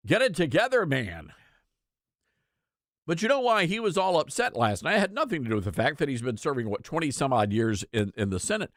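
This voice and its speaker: Brief: male talk host, opinionated commentary, repeats for emphasis, fairly high voice. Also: very animated, brisk, fairly bright tone, no echo, clean studio sound. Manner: emphatic, repeats lines for effect.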